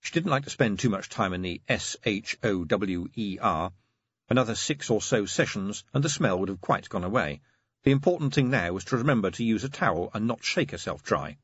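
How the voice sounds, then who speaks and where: A man narrating a story aloud with a lively, expressive reading. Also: on the low side, a little fast, slightly rough, no echo, dull audio. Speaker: audiobook narrator. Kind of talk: scripted narration.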